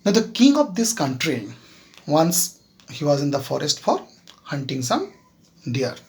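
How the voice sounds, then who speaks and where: A teacher with an Indian English accent tells his students a moral story in a slightly high, gravelly voice with big pitch swings. He speaks slowly and haltingly with many fillers, frequently stopping to ask "Clear?" to make sure the class is following.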